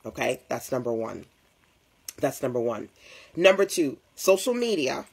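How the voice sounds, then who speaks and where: Husky-voiced woman coaching viewers live. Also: a bass voice, big pitch swings, unhurried. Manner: chatty, greets viewers and addresses them directly. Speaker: business coach. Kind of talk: live-stream motivational talk.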